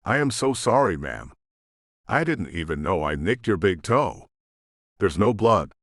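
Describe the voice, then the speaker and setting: A man's voice: low-pitched, big pitch swings, unhurried, a bit bright, no room sound, clean studio sound, heavily acted. A man doing a timid, pleading spa worker woman. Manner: pleading, nervous. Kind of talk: audiobook narration.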